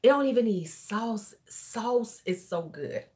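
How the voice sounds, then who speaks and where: A woman's voice: on the high side, lively intonation, slow pace, dark tone. A middle-aged woman hosting a casual beauty livestream, tipsy and chatty, swearing and laughing freely as she talks. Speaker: beauty YouTuber.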